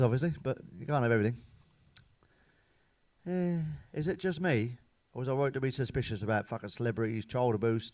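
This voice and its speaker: Bloke doing filthy stand-up, swears nonstop, flat deadpan delivery, dry close sound. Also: male voice, medium pitch, no echo. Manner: blunt and heavily sweary, deadpan punchlines. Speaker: comedian. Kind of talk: crude stand-up monologue.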